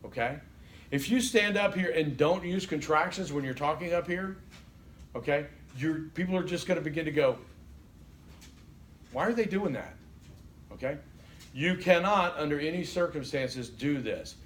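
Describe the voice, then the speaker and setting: Guy teaching a college class, kinda high voice, jokey and lively, keeps asking okay?, faint noise in the room. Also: normal speed. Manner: animated, joking, keeps checking in with "okay?". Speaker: college instructor. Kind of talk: classroom lecture.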